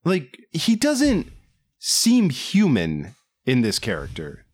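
A man in casual podcast chat reviews a movie, his voice rising and falling in lively swings. He riffs with animated disbelief, piling up questions. His delivery stays conversational and quick to react. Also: mid-range voice. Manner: animated, incredulous riffing. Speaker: podcast co-host.

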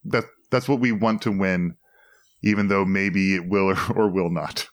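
A man's voice: low-pitched, steady tone, moderate pace. A man hosting a casual podcast about films, talking hesitantly with fillers and restarts. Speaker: podcast host. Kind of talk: casual film discussion.

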